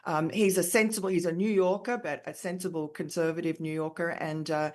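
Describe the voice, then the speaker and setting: A woman's voice: on the low side, fairly even intonation, fairly quick, darkish tone. A middle-aged Australian woman giving an emphatic interview answer, with many ums and you-knows. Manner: frequent fillers, emphatic. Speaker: author and columnist guest.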